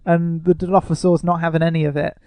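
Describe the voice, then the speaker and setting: A man's voice: on the high side, little pitch movement, fast, darkish tone, clear, resonant tone, no room sound. A man co-hosting a casual podcast, sarcastic and mock-indignant. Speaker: podcast co-host.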